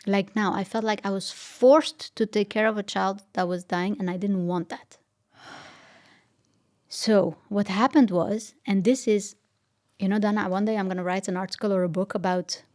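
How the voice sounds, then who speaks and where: A woman's voice: mid-range voice, steady tone, moderate pace, darkish tone. A woman as a podcast guest, telling a personal story in an earnest, reflective way, sometimes dropping almost to a whisper. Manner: earnest, reflective, drops to a near-whisper at tender moments.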